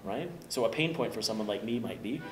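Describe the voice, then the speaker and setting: A man's voice: lowish voice, expressive, quick pace, a crowd in the background. Jovial older man explaining, echoey room. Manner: jovial, self-deprecating, peppers speech with "right?". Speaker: business professor. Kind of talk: conversational teaching. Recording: echoey room with music behind.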